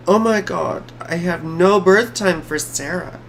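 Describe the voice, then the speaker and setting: Slow, chatty woman astrologer. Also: on the low side, slight background noise. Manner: chatty, playful and teasing. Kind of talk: live-streamed chart reading.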